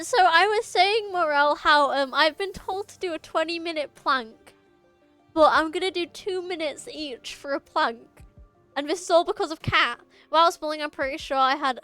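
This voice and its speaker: A woman's voice: high voice, a bit bright. A young British woman streaming a game, chatting casually with viewers in a jokey way. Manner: chatty, jokey, frequent restarts. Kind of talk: casual live-stream chat.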